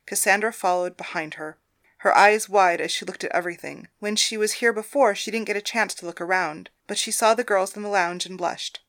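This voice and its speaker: A woman narrating a story in a steady, even way. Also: medium pitch, fairly quick.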